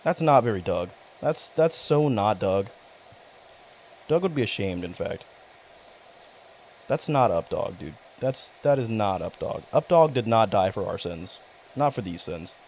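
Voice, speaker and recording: Lively, profane young male streamer. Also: lowish voice, moderate pace, slight background noise. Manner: profane, rambling, mock-outraged banter with chat. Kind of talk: casual live-stream commentary while gaming.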